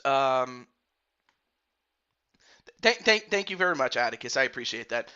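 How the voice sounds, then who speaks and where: A man's voice: medium pitch, very animated, measured pace, pushed and bright, clean tone, lo-fi sound. A man streaming and commentating a football video game league, casually rambling and greeting viewers by name.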